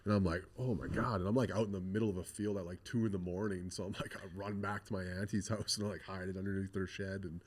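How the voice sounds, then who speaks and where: A young man from Canada with a very low, deep voice talks through a hard story from his past. He rambles, swears freely and leans on "like" and "you know" as he goes. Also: level tone, fast talker, hardly any pauses. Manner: rambling, swears often, full of "like". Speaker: podcast guest. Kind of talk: casual storytelling interview.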